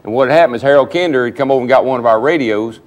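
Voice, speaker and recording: A man, a former driver telling lively stories among old racers and acting out what people said. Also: medium pitch, highs cut off. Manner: fast, animated storyteller acting out quotes.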